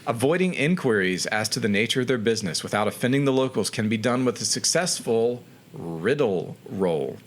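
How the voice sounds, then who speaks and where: A man's voice: medium pitch, animated, fairly quick. Wry man narrating as game master. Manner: wry, joking, reads rules aloud. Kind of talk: narrating a tabletop game with joking asides.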